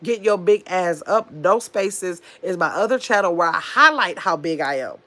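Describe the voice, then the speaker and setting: A woman in her fifties with a nasal voice, hosting a casual livestream, talking very fast and bluntly while reading chat comments. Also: on the low side, animated, pushed and bright. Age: 50s. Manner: talks very fast, blunt and chatty. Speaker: livestream host.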